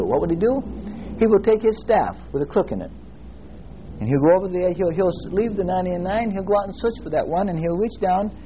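A male pastor preaching a sermon in a folksy storytelling way, slowing down to stress scripture word by word. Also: fairly high pitch. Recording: muffled lo-fi recording with faint hiss.

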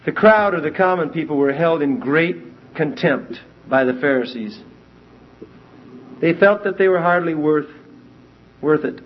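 A man giving a verse-by-verse Bible teaching, emphatic and animated as he reads scripture aloud and explains it. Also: fairly high pitch, a little slow, long pauses, a little hiss or hum. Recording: dull lo-fi recording.

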